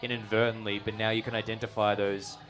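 A man hosting a live podcast, teasing his guests in a halting, joking way. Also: fairly low pitch, flat delivery, fairly bright tone, faint music behind. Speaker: podcast host. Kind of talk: casual live podcast chat. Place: live podcast in a bar venue.

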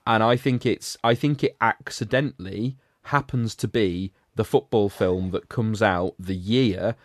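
A low-pitched man talking through a film as a podcast co-host. His talk is thoughtful and wry, circling back on itself as he works out his point. The sound is dry and close, with no room around it. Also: measured pace, dry recording. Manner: thoughtful, self-correcting, wry. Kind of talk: casual film discussion.

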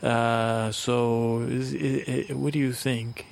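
A man telling a meandering bedtime story for a sleep podcast, his voice deeply gravelly and his delivery slow. he halts, restarts and wanders as he goes. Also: level tone, a little hiss or hum. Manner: halting and rambling, many fillers and restarts. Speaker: podcast host.

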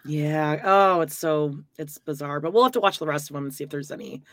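Low-pitched gossipy woman, dry sound. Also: dry recording. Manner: animated, gossipy, quick reactions. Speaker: podcast co-host. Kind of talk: casual chat.

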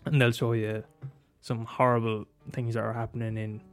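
A man talking casually and passionately about films, swearing freely and jumping up into high exclaims. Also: little pitch movement, normal speed, clear, resonant tone, faint music behind. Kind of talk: casual film chat.

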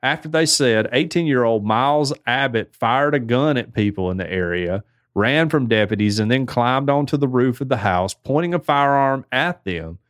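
A man's voice: medium pitch, animated, moderate pace, no room sound, clean studio sound. A man hosting a casual podcast, reading odd news stories aloud and riffing on them with chuckles. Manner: laid-back, chuckling, reads headlines then riffs. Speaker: podcast host.

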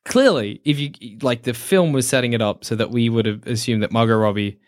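A man's voice: medium pitch, brisk. A man casually reviewing a film with friends, swearing freely and acting out lines in mock voices. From Australia. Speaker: podcast co-host.

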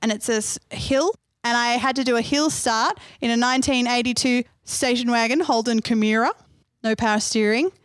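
A woman's voice: fairly high pitch, normal speed, no room sound, clean studio sound. An Australian woman giving a live healthy-eating workshop, chatty and conversational, often throwing rhetorical questions to the audience.

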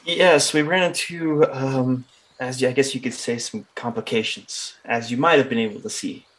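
Hesitant male player speaking in character, mid-pitched voice. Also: fairly even intonation, normal speed, fairly bright tone, poor audio. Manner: hesitant, lots of uhs and restarts. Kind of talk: in-character role-play.

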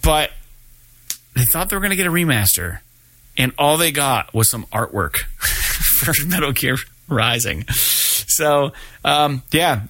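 Guy hosting a gaming news podcast, swears a ton, says uh a lot, bright voice. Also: lowish voice, no echo. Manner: profane, rambling, lots of fillers. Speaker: podcast host. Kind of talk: casual gaming news chat.

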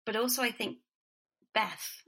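A woman hosting a relaxed book conversation, friendly and chatty. Her voice is gravelly with a lot of fry, and her tone is bright and forward. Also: fairly high pitch, unhurried. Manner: friendly, chatty, frequent small assents. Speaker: host. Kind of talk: casual interview chat.

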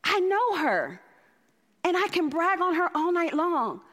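A woman's voice: very high-pitched, big pitch swings, measured pace, a bit bright. A woman preacher delivering a fervent sermon, exhorting her listeners and repeating phrases for emphasis. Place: large church hall. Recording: echoey hall.

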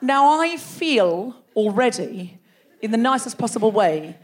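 A woman hosting a comedy podcast live on a theatre stage, teasing the audience in animated crowd work. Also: fairly high pitch, measured pace. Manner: teasing, animated, laughing between jokes. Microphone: stage microphone.

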